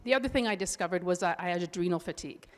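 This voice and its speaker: A woman's voice: on the low side, racing. A middle-aged woman, a holistic nutrition coach, giving a presentation talk with a candid, earnest personal story and frequent restarts. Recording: long hall reverb.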